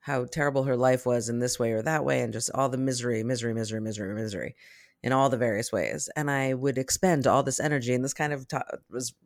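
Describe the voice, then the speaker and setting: A woman's voice: rumbling low, fairly even intonation, fast, a little mellow, no room sound, clean studio sound. Reflective woman co-hosting a chat. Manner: reflective, reads out listener comments. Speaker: podcast co-host. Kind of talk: casual chat.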